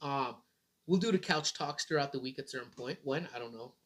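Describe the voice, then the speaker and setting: A man's voice: mid-range voice, brisk, fairly bright tone. A man in his thirties hosting a casual morning livestream, rambling in a laid-back way and swearing casually. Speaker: livestream host.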